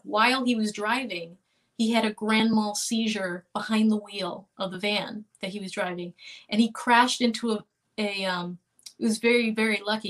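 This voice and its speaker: A middle-aged woman recounting a hard personal story in an interview, earnest and halting, with restarts and small laughs. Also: medium pitch. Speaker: interview guest.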